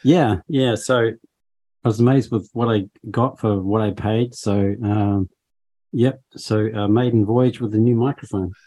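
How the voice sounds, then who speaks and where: A man guesting on a radio show as a tech commentator, joking at his own expense and pausing often with ums. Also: lowish voice, steady tone, mellow. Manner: self-mocking, hesitant with many ums. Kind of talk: radio chat. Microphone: cheap desktop microphone.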